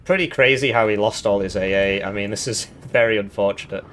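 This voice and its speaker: A man's voice: fairly low pitch, a little fast, fairly bright tone, slight background noise. A man from the United Kingdom giving casual, rambling commentary on a strategy game tournament, chuckling often and answering chat questions.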